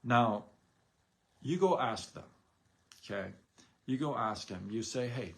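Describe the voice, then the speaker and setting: A man's voice: mid-range voice, lively intonation, takes it slowly, gravelly, pauses often. A man giving a chatty motivational talk. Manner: conversational, rhetorical questions, acts out imagined quotes. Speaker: host of a daily live stream on side gigs. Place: live stream.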